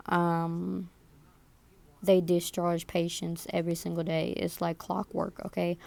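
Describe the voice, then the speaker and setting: A woman's voice: fairly low pitch, creaky, a little mellow. A woman in her twenties telling a story to camera, indignant and repetitive, often adding "like" and "okay?". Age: 20s. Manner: indignant, repeats herself with "like" and "okay?". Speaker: vlogger.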